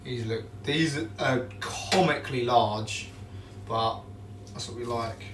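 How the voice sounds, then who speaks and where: A man chatting casually on a live stream while he bakes in his kitchen, excitable and repeating his catchphrases. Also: mid-range voice, slow, far from the mic, slight background noise. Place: home kitchen. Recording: roomy echo, away from the mic.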